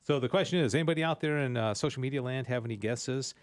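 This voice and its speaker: A man hosting a radio show, explaining things in a rambling, animated way. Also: medium pitch, fast, dry recording, studio quality. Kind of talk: casual teaching chat. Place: radio studio.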